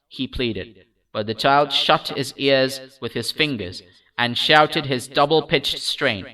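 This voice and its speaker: Bright-voiced male storyteller. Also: medium pitch, recorded from a distance, rough recording. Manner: measured, expressive reading. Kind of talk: scripted storybook narration.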